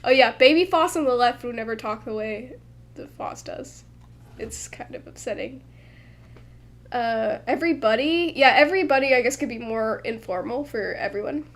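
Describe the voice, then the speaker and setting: A woman's voice: on the high side, moderate pace. A woman streaming as she translates a manga, chatting casually and thinking aloud with many fillers and restarts, from a desk microphone at home. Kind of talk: casual livestream commentary.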